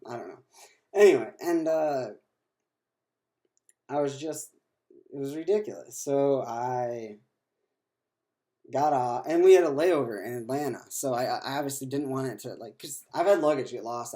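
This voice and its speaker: A man's voice: mid-range voice, moderate pace, warm tone. A man in his twenties talking in a rambling video diary, full of fillers and restarts, sounding worn out. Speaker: vlogger.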